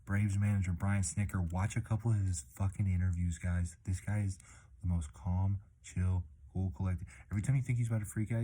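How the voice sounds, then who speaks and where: A man's voice: low-pitched, fairly even intonation, a little fast, mellow. A young man talking casually in a rambling vlog, laid-back and swearing a lot, tacking "man" and "dude" onto his sentences. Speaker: delivery driver vlogger.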